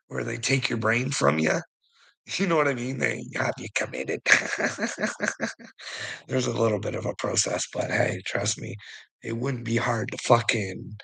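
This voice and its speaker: A man's voice: medium pitch, gravelly, fairly bright tone, slightly rough, poor audio. A man giving rambling casual commentary to a viewer, chuckling often and swearing freely. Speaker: online commentator.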